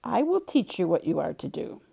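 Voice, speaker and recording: A woman reading the lines of God, a solemn male deity, in a measured scripture-reading way. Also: fairly low pitch, sing-song, creaky, warm tone, breathy edge, full character voice.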